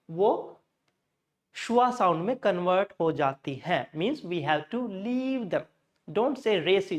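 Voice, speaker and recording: A man with an Indian English accent teaching English pronunciation from slides. He explains step by step, repeats words to demonstrate stress, and slips into Hindi now and then. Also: sits high. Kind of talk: slide-based lesson.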